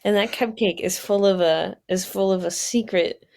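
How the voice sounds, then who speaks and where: A woman's voice: mid-range voice, moderate pace, creaky, a little mellow. A woman podcast host telling an improvised story in a casual, giggly way with many fillers.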